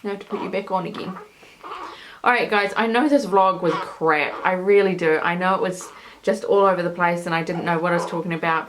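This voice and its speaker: This mid-range voice belongs to a New Zealand vlogger in her thirties having a casual, rambling, emotional chat with the camera, full of fillers, as she holds and breastfeeds her newborn. The audio is poor, with slight background noise.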